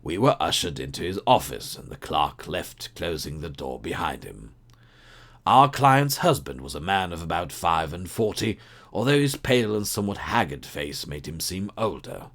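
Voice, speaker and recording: Male audiobook narrator, deep low voice, measured storytelling, expressive.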